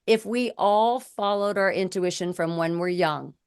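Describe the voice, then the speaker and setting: A woman's voice: mid-range voice, unhurried, clear, resonant tone. A woman in her forties or fifties co-hosting a talk show, speaking frankly and telling personal stories. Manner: frank, storytelling with acted-out quotes. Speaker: podcast co-host, communication expert. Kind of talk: casual conversation.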